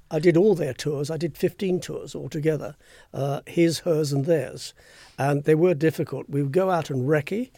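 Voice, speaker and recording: An older man, a former royal press spokesman, telling anecdotes briskly and acting out the voices he quotes. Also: on the high side, mellow, no room sound, studio quality. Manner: brisk raconteur who acts out quoted voices. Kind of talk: anecdotal interview storytelling.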